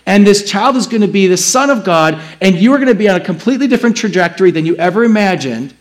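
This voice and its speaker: A man in his thirties, a pastor preaching a sermon and acting out his own past answers as he tells the story. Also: high voice.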